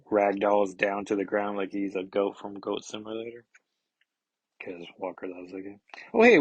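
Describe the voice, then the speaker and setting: Husky, rambling comic reviewer, a man. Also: fairly low pitch, no room sound, low-quality recording. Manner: rambling, chatty, self-correcting asides. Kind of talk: casual comic review, reading aloud.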